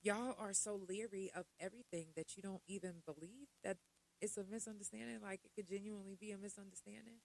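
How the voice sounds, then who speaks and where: This middle-aged podcast host talks fast in a steady, gravelly, mid-range voice, chatting loosely with her listeners and sprinkling in rhetorical questions and asides. The audio is rough.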